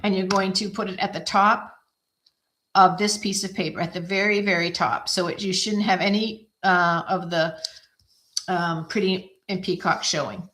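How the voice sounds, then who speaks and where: A woman's voice: fairly low pitch, fairly even intonation, normal speed, fairly bright tone. Chatty woman demonstrating a craft. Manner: chatty, self-deprecating, thinks aloud while working. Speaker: craft video host. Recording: echoey room.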